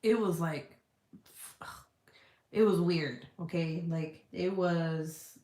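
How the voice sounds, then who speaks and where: A woman's voice: on the low side, dark tone. Frank, swearing woman in an echoey room. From United States. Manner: frank and profane, quick to laugh. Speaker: vlogger answering viewer comments. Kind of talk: casual chat.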